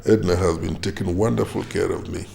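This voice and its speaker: An actor with a Nigerian accent playing an ailing older father with a weak heart, speaking slowly and reflectively. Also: sits low, steady tone, vocal fry, warm tone. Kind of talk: film drama acting.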